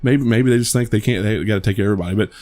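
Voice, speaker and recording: A man with a lowish voice rambles through a casual movie review, restarting his sentences and swearing freely. Faint music sits under the talk. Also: racing, a little mellow. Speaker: podcast co-host.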